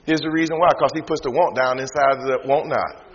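A man with a Southern accent from North Carolina preaching a sermon, calling out to the congregation and rising to shouts. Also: fairly high pitch, fairly even intonation, fast talker. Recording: dull sound in a reverberant hall.

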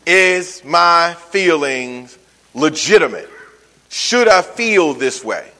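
A male pastor giving a sermon, swinging from loud emphatic calls to soft, weary asides. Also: a little high. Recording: long hall reverb.

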